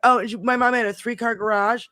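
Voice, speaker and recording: A middle-aged woman hosting a podcast, telling a long story in a casual, animated way, swearing freely and rambling. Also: on the high side, fast, dry recording, studio quality. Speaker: podcast host.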